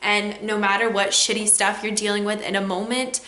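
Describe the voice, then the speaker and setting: A woman's voice: mid-range voice, flat delivery, normal speed, bright, forceful tone, roomy sound. A young woman vlogging a candid personal reflection, close to tears, with many "like"s and "um"s. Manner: candid, emotional, with frequent "like" and "um". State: on the verge of tears.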